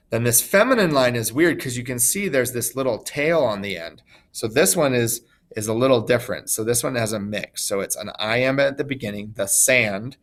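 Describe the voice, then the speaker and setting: A man's voice: mid-range voice, fairly bright tone. A man teaching a recorded lesson in a casual, chatty way, with asides and fillers. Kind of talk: recorded screen-share lesson.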